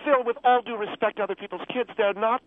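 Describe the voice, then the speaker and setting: A man voicing a pompous, wealthy, middle-aged stage mother who calls in to a radio show, haughty and quick to take offense. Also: high-pitched, steady tone, voice pushed up, lightly acted. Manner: haughty, self-important, easily offended. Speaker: radio call-in guest. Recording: tinny phone line.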